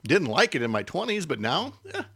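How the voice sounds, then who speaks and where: Older man, relaxed storyteller. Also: on the high side, brisk, creaky, husky, dry recording, studio quality. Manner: relaxed storyteller with self-deprecating humor. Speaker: guest, morning radio host. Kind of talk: casual interview chat.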